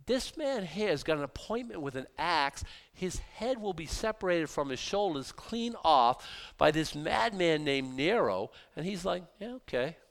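A man preaching a sermon as pastor, animated, rising to emphatic bursts and dropping to quiet asides. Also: a little high, a little slow, vocal fry.

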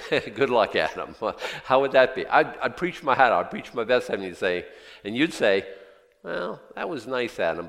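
A man preaching a sermon in a church, conversational and animated, with jokey asides. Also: lowish voice, big-room sound. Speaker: pastor.

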